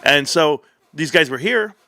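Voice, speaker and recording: A man hosting a livestream, telling a long story in a rambling, animated way, with profanity, restarts and side remarks. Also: fairly high pitch, a little slow, no echo. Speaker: livestream host.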